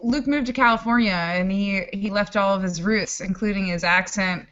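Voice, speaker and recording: A woman's voice: mid-range voice, fairly bright tone, highs cut off. A woman co-hosting a podcast in a teasing, casual way. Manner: teasing, quick to laugh. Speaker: podcast co-host.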